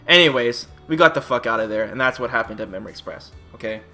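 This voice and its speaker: A man's voice: medium pitch, fast, hardly any pauses, soft background music. A man telling a long exasperated story in a casual vlog, swearing often and acting out both sides of the conversation. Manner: animated, profane, exasperated storytelling. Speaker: streamer and YouTuber.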